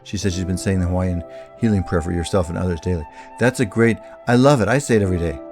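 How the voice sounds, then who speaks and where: Low-voiced male radio talk host. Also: fast talker, faint music behind. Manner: rambling, warm-hearted, restarts often. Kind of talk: casual spiritual talk to listeners.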